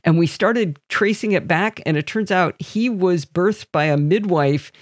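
A man with a somewhat high voice chats on a podcast, playful and full of anecdotes. His delivery is lively and conversational. The recording is dry and close. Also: a little slow, dry recording. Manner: playful, storytelling. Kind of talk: casual chat.

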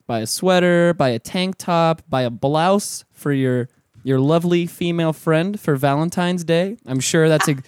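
A man's voice: on the high side, darkish tone, clear, resonant tone, no room sound, studio quality. A man co-hosting a podcast in casual, joking banter, loose and swearing freely. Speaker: podcast co-host. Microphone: studio microphone.

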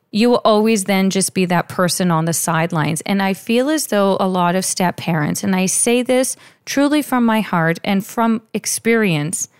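A woman's voice: mid-range voice, smooth, dry recording, clean studio sound. A woman talking about being a stepmother, telling her own stories in an earnest, confiding way with many restarts. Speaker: stepmother sharing advice. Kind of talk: personal storytelling monologue.

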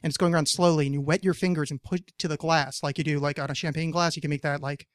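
A man's voice: a little high, steady tone, fast talker, no echo, studio quality. Rambling, swearing podcast host man. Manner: rambling, lots of fillers and swearing, jokey. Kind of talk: casual chat.

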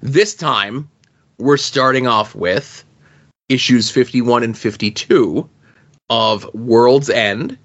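A man's voice: medium pitch, unhurried, fairly bright tone, muffled recording. Man hosting a podcast segment. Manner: organized, segues between segments. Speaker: podcast co-host.

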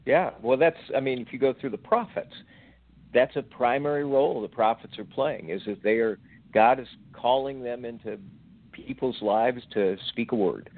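A man in his sixties, a guest on a faith podcast, telling a personal story in a slow, reflective, halting way. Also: medium pitch. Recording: tinny phone-like audio.

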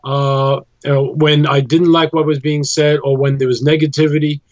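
Measured man, dry muffled audio. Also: a little high, level tone, darkish tone, no room sound. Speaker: musician guest. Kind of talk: interview conversation.

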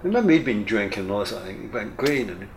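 Older man telling a lively anecdote. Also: lowish voice, fast talker, slight background noise. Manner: lively, swears casually, full of restarts. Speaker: guest, retired airline captain. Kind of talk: casual anecdotal storytelling.

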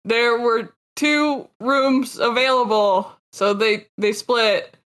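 High, giggly woman co-host. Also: fairly even intonation, a bit bright. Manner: halting, breaks into giggles. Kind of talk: comedic improv storytelling chat.

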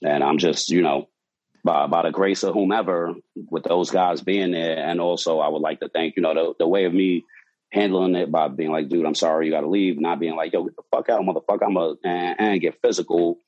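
This deep-voiced man talks at a moderate pace over lo-fi sound. He's a bartender telling a wild shift story in a casual, profane, animated manner, acting out what people said.

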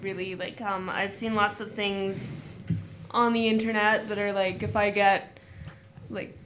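A woman from Scotland answers a panel question hesitantly, filling gaps with ums. Clear background noise sits under her voice. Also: medium pitch. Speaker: guest. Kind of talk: casual panel chat. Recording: noisy room.

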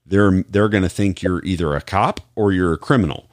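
A man's voice: deep voice, normal speed, no room sound, studio quality. A man with an American accent, a police officer on a podcast, telling stories in a rambling, casual way with many restarts. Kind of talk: casual chat, storytelling.

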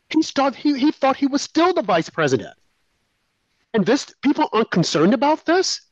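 High-voiced male talk host, emphatic and indignant, dull dry line. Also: no room sound. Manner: emphatic, indignant, mimics others. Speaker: radio talk show co-host. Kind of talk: opinionated talk radio commentary.

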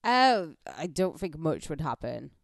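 A woman's voice: sits low, very animated, unhurried, vocal fry, dry recording. A woman from England, joking dryly in casual podcast chat. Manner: dry, teasing humor. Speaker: podcast co-host.

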